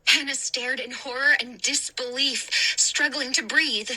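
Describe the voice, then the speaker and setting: Slow, bright-voiced woman narrator. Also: high-pitched, fairly even intonation, rough recording. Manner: slow, deliberate, dramatic. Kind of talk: audiobook reading.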